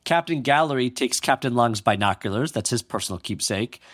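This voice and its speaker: With lively intonation and a slightly fast pace, a man with a mid-range, somewhat bright voice hosts a podcast about history. He jokes around and reads quotes aloud with playful asides, and the audio is clean studio sound without echo.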